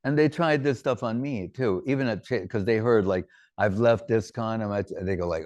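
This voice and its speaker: Low voiced guy teaching, loose funny sermon, lots of you know and like. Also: moderate pace, hardly any pauses, a little mellow, dry recording. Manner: chatty, humorous, storytelling, many fillers. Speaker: spiritual teacher. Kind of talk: informal sermon.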